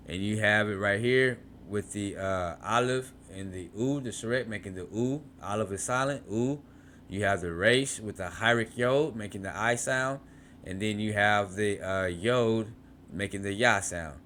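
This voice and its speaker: A man teaching a beginners' Hebrew grammar class, reading from a textbook and sounding out syllables slowly, repeating words and often asking "right?". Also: lowish voice, fairly bright tone, slight background noise.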